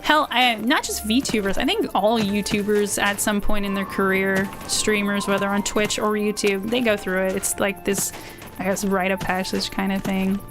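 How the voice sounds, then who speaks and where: A woman streamer chatting live while she plays, rambling and excitable and quick to yell at the game. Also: mid-range voice. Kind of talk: live gameplay stream chat. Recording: game music under the voice. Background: game music.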